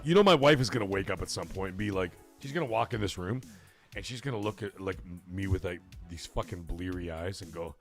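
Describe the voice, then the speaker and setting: A man hosting a late-night livestream, excitable and swearing a lot, getting out of breath as he swings from loud outbursts to low mumbling. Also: fairly quick, faint music behind. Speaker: livestream host. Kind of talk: casual late-night stream chat.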